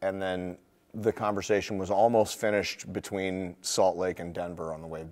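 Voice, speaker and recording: A man's voice: sits low, moderate pace. A man who fronts a rock band, telling stories in a casual TV interview with self-mocking humor. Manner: self-mocking, animated storyteller. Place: TV studio.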